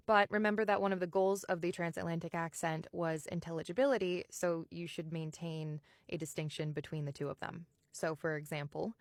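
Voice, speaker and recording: A woman with a General American accent, an audiobook narrator, explaining and slowly sounding out vowels in a casual tutorial. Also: on the low side, steady tone, dry recording, clean studio sound.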